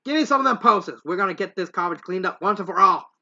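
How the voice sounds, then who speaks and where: A man's voice: high voice, expressive, fast, vocal fry, bright, forceful tone, highs cut off, pitched above the performer's own voice, heavily acted. A man reading the lines of a plain-spoken farm mare pony in a country accent, blunt and earnest.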